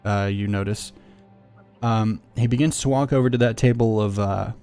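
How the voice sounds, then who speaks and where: A man's voice: lowish voice, steady tone, moderate pace, dark tone, clean tone, faint music behind. A man narrating as game master of a tabletop game, loose and rambling with many fillers.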